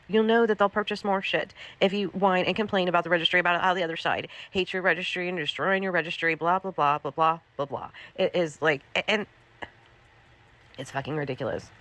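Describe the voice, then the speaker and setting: A woman's voice: fairly low pitch, a little fast, a bit bright. A woman livestreamer scolding someone in a profane, repetitive, angry rant.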